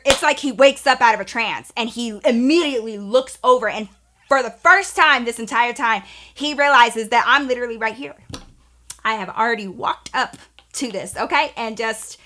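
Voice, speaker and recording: Bright, chatty young woman storyteller. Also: on the high side, normal speed. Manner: candid, profane, chatty, addresses viewers as y'all. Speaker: storytime vlogger. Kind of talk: casual storytelling.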